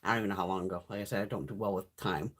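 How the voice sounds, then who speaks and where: A woman's voice: extremely low pitch, fairly even intonation, very fast, a bit bright. A middle-aged woman hosting a live stream, chatting casually and bluntly with lots of swearing while answering viewer comments. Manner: profane, blunt storytelling, reads chat comments. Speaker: livestream host.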